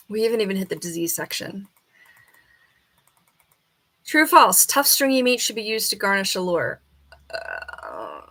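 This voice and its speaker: A woman on a casual live stream, reading quiz questions aloud and arguing with the answers, and now and then talking softly to her bird. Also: mid-range voice. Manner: chatty, reads questions then argues with the answers. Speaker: falconer streamer.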